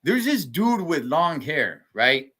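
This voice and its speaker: A man co-hosting a live TV recap, talking casually, animated and laughing often, trailing off mid-sentence. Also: fairly high pitch, takes it slowly, slightly rough. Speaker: show co-host.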